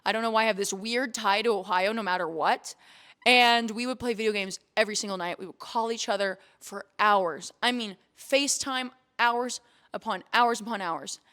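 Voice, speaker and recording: A woman's voice: medium pitch, moderate pace, fairly bright tone. A young woman streamer telling a candid, emotional story on her vlog, swearing casually and near tears. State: close to tears. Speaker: streamer and vlogger.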